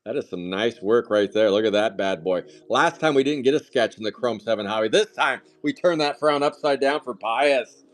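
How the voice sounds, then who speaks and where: Loud, excitable card-break host man. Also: medium pitch, normal speed. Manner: loud, excitable, jokey hype. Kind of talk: live-stream card break commentary. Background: faint music.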